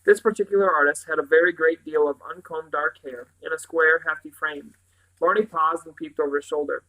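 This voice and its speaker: A man's voice: a little high, a little fast, low-quality recording. Man reading a novel aloud. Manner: steady storytelling narration. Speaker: audiobook reader.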